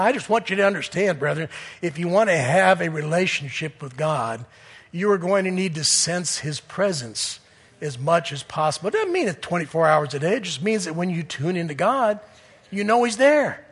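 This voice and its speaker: A man preaching a sermon in earnest, swinging from loud appeals to hushed near-whispers. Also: sits high, animated, moderate pace, breathy edge, long reverb tail.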